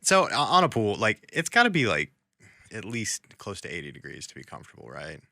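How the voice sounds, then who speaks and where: A man co-hosting a podcast in casual chat, easygoing and agreeable, chiming in with quick yeses. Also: on the low side, wildly swooping pitch, gravelly, sharp tone, dry recording, clean studio sound. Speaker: podcast co-host.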